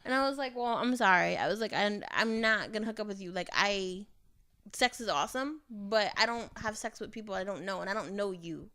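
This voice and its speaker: Bright-voiced woman, blunt and profane. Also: mid-range voice, lively intonation, brisk, no echo, clean studio sound. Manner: candid, profane storytelling with acted-out quotes. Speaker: podcast co-host. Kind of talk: casual chat.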